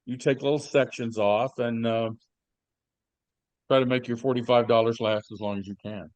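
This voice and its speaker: A man's voice: mid-range voice, fairly even intonation, normal speed, a little mellow, no room sound, lo-fi sound. A man co-hosting a podcast, chatting casually and telling rambling stories with plenty of fillers and restarts. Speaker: podcast co-host. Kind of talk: casual chat.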